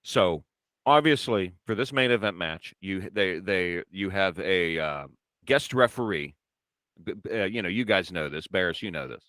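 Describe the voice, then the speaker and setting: A man's voice: low-pitched, moderate pace, no room sound. A man co-hosting a casual podcast, telling a story and acting out the dialogue with energy. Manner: animated storyteller, acts out quoted dialogue. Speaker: podcast co-host.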